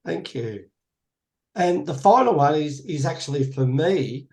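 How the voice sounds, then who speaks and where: A man's voice: a little high, animated, a little slow, darkish tone. A man facilitating a conversation card game over a video call, introducing each card and thanking each participant. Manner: encouraging, thanks each speaker. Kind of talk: guiding a group conversation.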